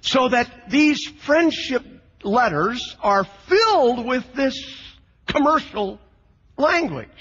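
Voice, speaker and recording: A man lecturing on scripture in an unscripted, halting style, often repeating words as he thinks. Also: very high-pitched, very animated, a bit bright, breathy edge, in a large hall, dull audio. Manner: halting, repeats words, reads quotes with emphasis. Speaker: lecturer on the New Testament.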